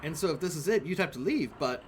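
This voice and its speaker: A man's voice: fairly high pitch, animated, fast talker, a little hiss or hum, close to an everyday voice. A man voicing a prim, flustered woman librarian in a video game, sweet and evasive, calling people dearie. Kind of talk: reading game dialogue aloud.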